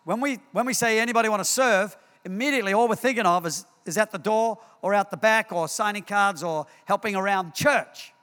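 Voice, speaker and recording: In his sermon, a pastor tells stories with animation, acting out scenes and repeating words, speaking fairly quickly with few pauses. His high voice is bright and crisp, and a church hall's long reverb trails each phrase.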